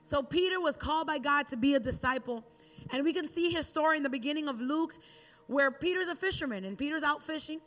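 A woman preaching a sermon, retelling a Bible story in a relaxed, conversational way. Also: high-pitched, a little fast.

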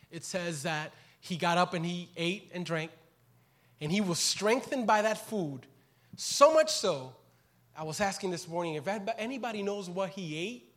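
A man preaching a sermon with passion, his voice swinging from quiet, reflective stretches to loud, pleading questions. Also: fairly high pitch. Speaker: pastor.

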